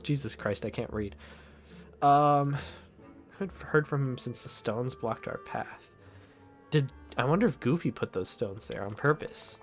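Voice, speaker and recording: A man's voice: mid-range voice, measured pace, faint music behind. Sarcastic man streaming a game. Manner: sarcastic, swears, laughs at himself. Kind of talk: casual game commentary.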